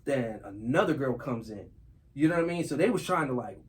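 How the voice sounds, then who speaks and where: A man's voice: mid-range voice, animated, a little fast. A man hosting a podcast in casual chat, talking in a laid-back, slangy way and laughing through his stories.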